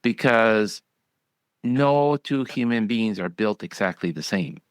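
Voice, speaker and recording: A man's voice: on the low side, expressive, takes it slowly, clear, resonant tone, no room sound. A man who is a physician, hosting a podcast and chatting bluntly, acting out other voices when he tells stories. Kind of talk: casual interview chat.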